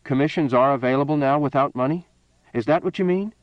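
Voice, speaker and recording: A man's voice: fairly high pitch, very animated, fast talker, no room sound, muffled recording, pitched above the performer's own voice. A man voicing an anxious young man who presses his questions urgently.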